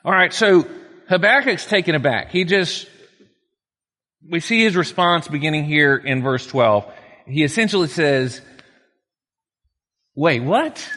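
A man delivers a sermon in a chatty, folksy way, moving between reading scripture and plain-spoken asides. His voice sits a little high for a man. The sound carries a long reverb, as if from a large hall. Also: a little slow, bright, forceful tone. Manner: conversational preaching, reads scripture with folksy asides. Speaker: pastor.

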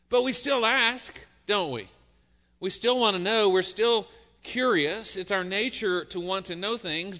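A pastor delivers a relaxed, joking sermon in a church sanctuary. His voice is fairly high and ringing bright, and the sound carries a long reverb through the hall. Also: a little slow. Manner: conversational, joking.

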